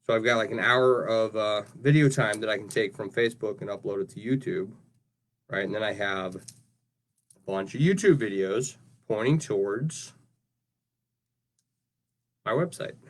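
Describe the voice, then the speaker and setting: A little hiss or hum sits under this lowish male voice, which moves at normal speed with long pauses. He's working on his craft during a livestream, chatting and rambling casually, often finishing a thought with "right?"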